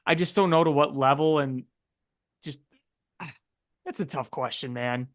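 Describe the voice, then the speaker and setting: A man's voice: fairly high pitch, measured pace. A man co-hosting a casual sports podcast, talking things through with hesitant restarts.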